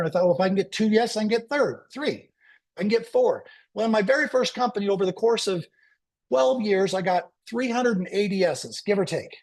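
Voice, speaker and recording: A man giving a motivational talk to a sales team, telling an energetic story and acting out the dialogue. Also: high-pitched. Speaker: motivational speaker.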